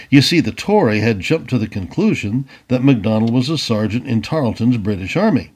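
Husky-voiced man reading a story aloud. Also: mid-range voice, fairly quick, hardly any pauses. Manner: lively, adds casual asides.

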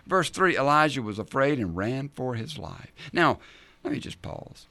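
Animated, lively male preacher. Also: mid-range voice, a little slow, dry recording. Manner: animated, dramatizes scripture in voices. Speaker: pastor. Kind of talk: sermon.

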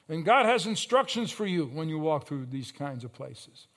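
Pastor guy preaching, kinda high voice, tells stories then gets loud and slows way down to hammer a point. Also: big pitch swings. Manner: storytelling preacher with sudden loud surges and slow emphatic phrases. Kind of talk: sermon.

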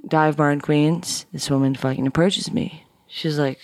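A woman guest telling a personal story on a podcast, animated and profane, acting out the people in it. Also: deep voice, moderate pace, creaky, no room sound, studio quality. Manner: animated, swears a lot, acts out dialogue. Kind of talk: casual storytelling.

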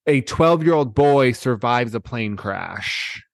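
Man, casual chat, excited rambling storyteller, mid-pitched, dry close sound. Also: takes it slowly, gravelly, no echo.

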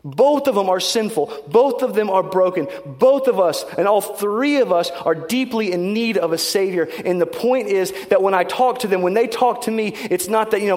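A man preaching as pastor, telling stories in an animated, conversational and self-deprecating way. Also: high voice, moderate pace, hardly any pauses, long reverb tail. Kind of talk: sermon storytelling.

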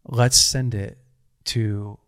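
A man's voice: on the low side, fairly even intonation, very slow, a bit bright, no room sound, clean studio sound. A man in his thirties telling a personal story in casual conversation, earnest and rambling, with frequent restarts.

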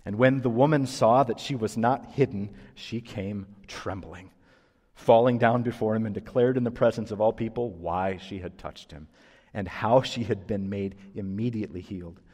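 A man pastor preaching a sermon who tells stories in an animated, emphatic way. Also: on the low side, moderate pace. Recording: long church reverb.

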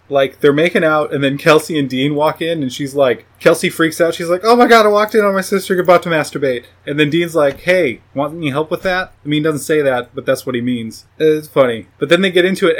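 A man giving a casual, rambling, profane recap of a movie plot, often laughing at his own jokes. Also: on the high side. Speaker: movie reviewer.

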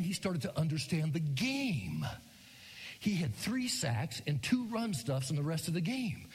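A man's voice: on the high side, moderate pace, husky, in a large hall. A middle-aged man preaching a sermon, telling a story and acting out the people in it. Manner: animated storytelling, acts out quotes. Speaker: pastor.

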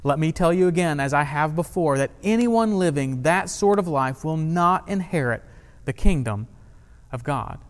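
A man's voice: a little high, expressive, moderate pace. Man preaching in a reverberant hall. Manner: conversational, uses humor and rhetorical questions. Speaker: pastor. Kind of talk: sermon.

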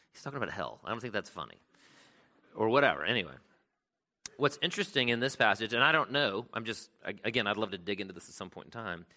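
A man's voice: fairly low pitch, pushed and bright. A man preaching a sermon in a conversational way, often asking "right?" and reading scripture aloud with extra emphasis. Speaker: pastor.

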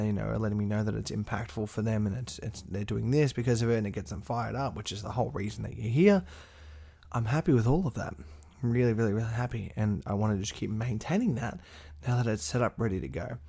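A man's voice: lowish voice, quick pace, creaky, dark tone, husky. A sick man, hosting a blunt, sweary motivational podcast solo. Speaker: podcast host.

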